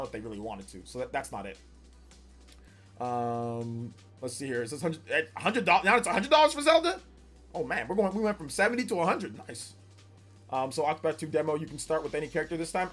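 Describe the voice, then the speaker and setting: A man in his forties streaming live and reading chat, laid-back with bursts of animated teasing. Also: a little high. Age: 40s. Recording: faint music behind the voice.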